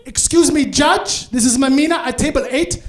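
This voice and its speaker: A fierce, proud immigrant mother who never backs down, as her comedian son puts her on, talking loud and high. She stresses each word and keeps the voice lifted well above his own. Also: normal speed, reverberant, close to an everyday voice. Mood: eager. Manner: loud, emphatic, high-pitched. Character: ruthless proud immigrant mother, older woman.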